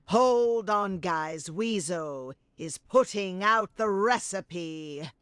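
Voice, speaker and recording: A synthetic voice reads viewer messages slowly and evenly. The tone is smooth and clean, with a dry, close sound. There is no human variation in the delivery. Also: medium pitch, expressive, fairly bright tone, no room sound. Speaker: text-to-speech donation reader.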